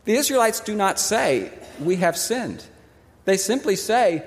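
Male pastor preaching, voice up high and swooping all over, acts out quotes, big echoey church. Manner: expressive preaching, mimics voices in quotes, pauses on key words. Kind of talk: sermon.

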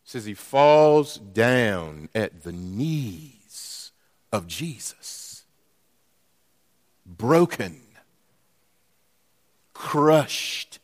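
Man, pastor, sermon, unhurried, rhetorical questions, lingering church reverb. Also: medium pitch, big pitch swings. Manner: deliberate, asks the congregation rhetorical questions. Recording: long reverb in a church hall.

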